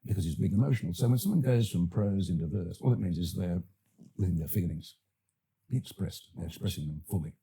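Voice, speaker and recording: Older man, Australian accent, gravelly, dark tone, thoughtful and halting. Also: sits low. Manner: thoughtful, halting, many fillers and restarts. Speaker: actor and director, guest. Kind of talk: podcast interview.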